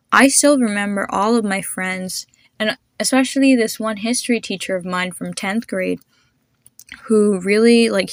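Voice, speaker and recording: A woman's voice: mid-range voice, dry recording, clean studio sound. A young woman hosting a podcast, patiently teaching pronunciation and encouraging listeners to repeat after her. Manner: encouraging, patient, demonstrates sounds slowly. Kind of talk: instructional podcast.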